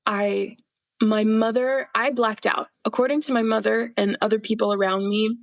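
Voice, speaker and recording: A woman's voice: a little high, steady tone, normal speed, no echo. A young adult woman, a podcast guest, earnestly telling a personal story with many fillers and acted-out quotes. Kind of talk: personal testimony in an interview.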